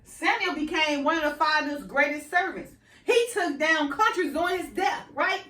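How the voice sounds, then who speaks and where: A woman preaches an informal sermon in a high voice, conversational and full of "right?" and "you know". The room is echoey and she sits some way back from the microphone. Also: expressive, normal speed, sharp tone, far from the mic.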